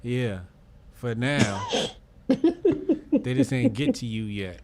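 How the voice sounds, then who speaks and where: Man, podcast co-host, wry drawl, lively pitch, casual delivery. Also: slow pace. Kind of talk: casual chat.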